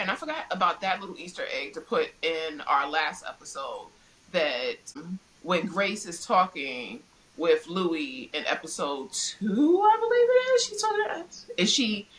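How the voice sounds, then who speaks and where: A middle-aged woman co-hosting a casual podcast, animated and quick to laugh as she recaps a TV show. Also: on the low side, rough recording. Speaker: podcast co-host. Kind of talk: casual pop-culture chat.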